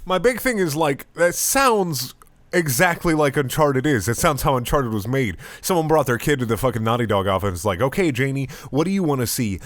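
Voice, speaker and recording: A man's voice: medium pitch, lively intonation, brisk, a bit bright, no room sound. A man giving a comedic, sarcastic reading of fan fiction, swearing and laughing as he goes.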